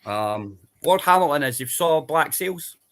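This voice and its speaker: A man's voice: a little high, animated, unhurried, fairly bright tone. A Scottish man in casual chat, rambling through long explanations and checking in with tag questions. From Scotland. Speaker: panel guest.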